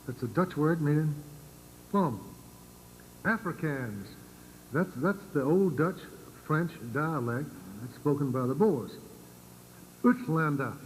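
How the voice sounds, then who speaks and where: Halting older Virginian man lecturing. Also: fairly high pitch, a little mellow, slight background noise, rough recording. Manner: halting, many fillers and repeated words. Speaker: church speaker. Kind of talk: informal lecture to a congregation.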